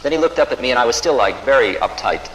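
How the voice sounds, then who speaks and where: A man of medium pitch tells a story from his own life, wry and self-mocking, acting out what everyone said. He is heard in a roomy hall with a long reverb tail. A faint ambient hum runs underneath. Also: expressive, quick pace, fairly bright tone. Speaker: spiritual teacher telling a story. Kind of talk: storytelling talk.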